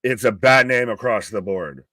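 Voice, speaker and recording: A man's voice: fairly low pitch, expressive, moderate pace, bright, forceful tone, no room sound, studio quality. Blunt, sweary man co-hosting a stream. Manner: blunt, profane, argumentative. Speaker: co-host of a wrestling live stream. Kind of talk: casual banter.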